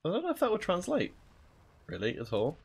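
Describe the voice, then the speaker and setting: A man's voice: high-pitched, huge pitch swings, brisk, gravelly, breathy edge. A young man casting a mobile shooter tournament alone, chatting with viewers in between plays. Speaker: esports caster. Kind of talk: solo esports commentary reading chat.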